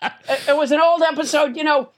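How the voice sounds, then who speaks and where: A woman's voice: high-pitched, fairly even intonation, a little fast. A woman hosting a comedy podcast, wry and playful, often stammering as she works toward a point. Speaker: podcast host. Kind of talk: casual comedic podcast banter.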